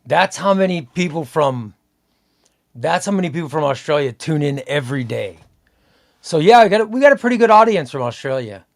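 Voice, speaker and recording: A man with a gravelly voice and a fairly high pitch hosts a casual live stream. He talks loosely and rambles, circling back and repeating his phrases as he reads comments from his viewers. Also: animated, a little fast.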